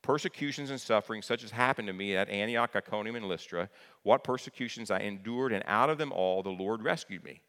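A man's voice: fairly low pitch, brisk, a bit bright, smooth. A man preaching a sermon as pastor, conversational and plain-spoken, often repeating key phrases for emphasis. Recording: long hall reverb.

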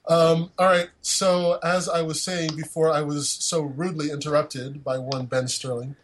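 A man's voice: fairly high pitch, level tone, moderate pace, rough recording. A man hosting a podcast in casual chat, rambling and jokey with lots of fillers. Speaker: podcast host.

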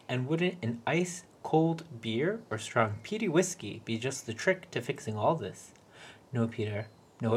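A man reading a short story aloud in a wry, deadpan way. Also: medium pitch, husky. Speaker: reader.

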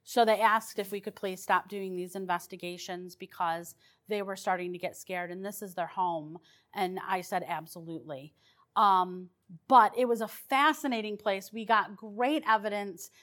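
A woman's voice: mid-range voice, moderate pace, fairly bright tone. A woman paranormal investigator telling her stories in a chatty, rambling way, with restarts and fillers. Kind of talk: casual storytelling.

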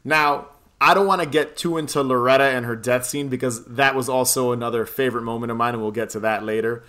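A man's voice: medium pitch, fairly even intonation, fast talker, fairly bright tone. A man casually recapping a film plot on a podcast, rambling, swearing and laughing often. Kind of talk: casual chat.

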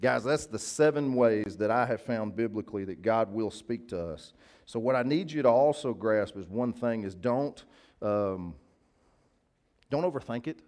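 A man's voice: on the low side, animated, moderate pace, a little mellow. A male preacher, giving a sermon in a casual, folksy way and often asking his listeners to agree. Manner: conversational, folksy, asks the crowd to agree.

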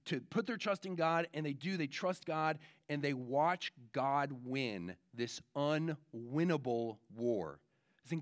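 A pastor with a fairly high voice gives a children's sermon, animated and full of little fillers as he tells a story. The sound is dry and close, with hardly any room around him. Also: dry recording.

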